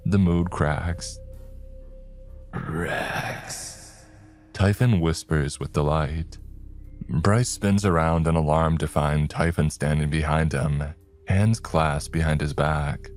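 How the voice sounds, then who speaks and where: A man narrating a scripted horror story in a slow, measured way. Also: rumbling low, level tone, a little mellow. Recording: faint background music.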